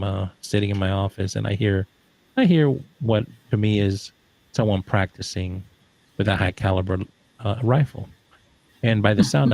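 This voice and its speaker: A middle-aged man with a low, gravelly voice spins a loose, joking anecdote in a casual audio chat room. He drifts between asides and fillers, and the sound is close and dry. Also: darkish tone, no echo. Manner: rambling, joking, trails off with fillers. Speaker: social audio room participant.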